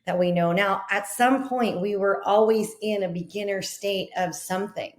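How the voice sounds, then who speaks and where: A woman's voice: mid-range voice, normal speed. Podcast host lady, encouraging and easy laughing, kinda echoey room. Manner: encouraging, reflective, laughs easily. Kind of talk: interview conversation.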